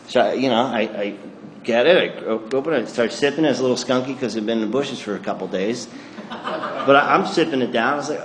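A man tells a comic, self-mocking story about his drinking and acts out his own thoughts in lively bursts. His voice sits at a middle pitch. The room is roomy, with a faint ambient hum behind him. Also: quick pace. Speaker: speaker telling his recovery story. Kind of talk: comic storytelling talk to an audience.

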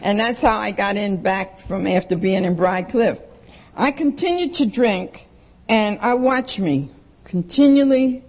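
A woman's voice: mid-range voice, a little slow, a little mellow, poor audio. A woman giving a blunt, emphatic personal testimony to a recovery meeting and repeating lines for stress.

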